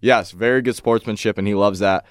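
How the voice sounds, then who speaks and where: A young man co-hosting a casual sports picks show, relaxed and joking. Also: on the low side, a little fast, clear, resonant tone, no echo, clean studio sound. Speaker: co-host.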